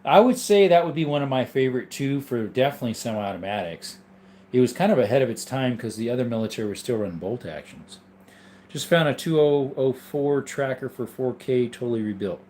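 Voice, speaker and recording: A man's voice: medium pitch, darkish tone, slight background noise. A man hosting a casual livestream, reading viewer chat and answering in an easygoing, rambling way while sleepy and yawning. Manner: rambling, easygoing, with frequent ums and asides.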